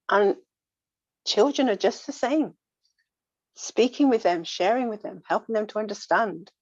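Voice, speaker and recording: Earnest woman coaching gently, lo-fi sound. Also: mid-range voice, dry recording. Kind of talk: reflective casual talk. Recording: dull lo-fi dry sound.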